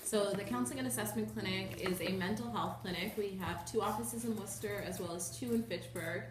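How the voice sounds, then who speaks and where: A woman's voice: mid-range voice, a little fast, roomy sound, a crowd in the background. A woman who is assistant director of a counseling clinic, explaining her work matter-of-factly as a radio guest.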